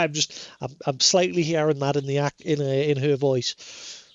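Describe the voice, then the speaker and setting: Man, game streamer, fairly high voice, chatty, rambling live commentary. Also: steady tone, moderate pace, smooth, no echo, muffled recording. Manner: chatty, rambling, laughs easily.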